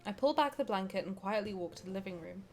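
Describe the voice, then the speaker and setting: A young woman streaming, reading a game aloud and reacting with excited, swearing banter. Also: medium pitch, quick pace, faint music behind.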